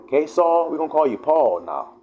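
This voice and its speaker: A man voicing a gentle, fatherly God reassuring a disciple. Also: on the high side, sing-song, a little fast, muffled recording, a little hiss or hum, pitched above the performer's own voice.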